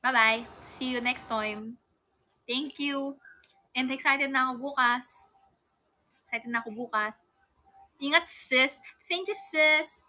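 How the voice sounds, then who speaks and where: Bright high-voiced Filipino young woman. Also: a little slow, long pauses. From Philippines. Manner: playful and giggly, reading out viewer names. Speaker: idol livestreamer. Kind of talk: casual livestream chat, mixing Tagalog and English.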